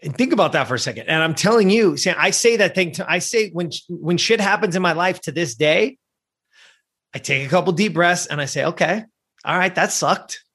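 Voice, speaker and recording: A man's voice: sits high, brisk, husky. A middle-aged man telling a personal story as a guest, acting out the voices of the people in it. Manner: animated, acts out voices in his story. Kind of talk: storytelling in a conversation.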